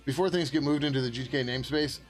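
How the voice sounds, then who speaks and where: A man who is a software developer streaming his work, chatting casually as he codes. He rambles, laughs often, answers his viewers and swears now and then. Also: medium pitch, rapid-fire, faint music behind. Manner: swears casually, many fillers. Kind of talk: casual live-stream chat while coding.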